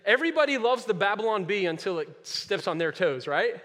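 A man preaching a sermon to his congregation, moving from quiet earnest passages to loud emphatic ones and repeating key phrases. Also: high voice, sing-song, brisk. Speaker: pastor. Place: church sanctuary. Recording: long reverb of a large hall.

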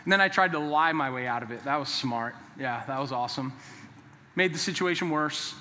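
High, bright-voiced preacher in a reverberant hall. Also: male voice, fairly quick, slight background noise. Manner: emphatic and repetitive, with joking asides. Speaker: pastor. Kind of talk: sermon. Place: church sanctuary. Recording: long reverb of a large hall.

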